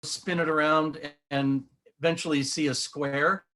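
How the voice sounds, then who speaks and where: A man's voice: fairly high pitch, level tone, unhurried, sharp tone. A middle-aged man giving an earnest, enthusiastic explanation of geometric models as an interview guest. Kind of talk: animated explanation while showing models.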